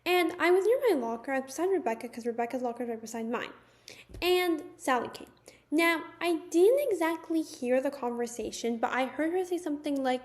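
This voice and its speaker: A woman's voice: high voice, expressive, brisk. A teenage girl telling a personal story straight to her viewers in a chatty vlog, often calling out to them as "you guys.". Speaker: vlogger.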